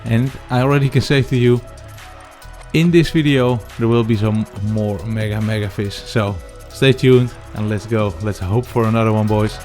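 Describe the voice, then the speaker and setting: A man's voice: on the low side, steady tone, moderate pace, few pauses, over music. A man talking earnestly to camera about his fishing, calling viewers "boys", with slightly non-native phrasing. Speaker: angler and filmmaker. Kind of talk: reflective talk to camera.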